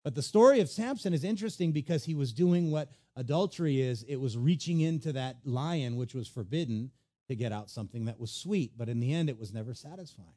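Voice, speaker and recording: A pastor delivers a sermon, retelling a story with lively narration and acting out the characters' voices. His voice sits in the mid range and moves at a brisk clip.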